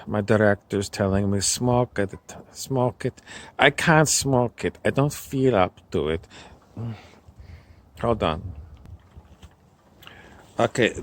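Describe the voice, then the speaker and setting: A man voicing a rambling small-town French Canadian character with a put-on accent, halting and subdued in a comedy skit. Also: fairly low pitch, slight background noise.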